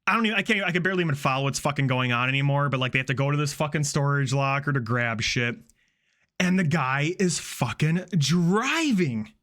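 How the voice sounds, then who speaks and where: A young male streamer tells a long story in a loose, profane, animated way, cursing constantly as he goes. His voice sits a little higher than most men's. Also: fairly quick. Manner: profane, animated recap, heavy swearing. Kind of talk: casual storytelling on a livestream.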